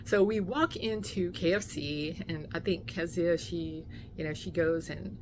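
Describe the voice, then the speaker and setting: Animated woman telling a story. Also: lowish voice, a little slow, background noise. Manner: animated storyteller, many fillers, acts out quotes. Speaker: vlogger. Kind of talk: casual story time vlog.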